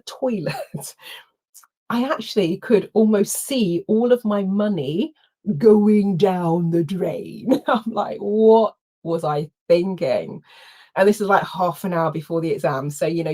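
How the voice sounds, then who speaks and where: A middle-aged woman, telling a personal story in an animated way, acting out quotes and laughing often. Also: lowish voice. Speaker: workshop host. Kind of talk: storytelling talk.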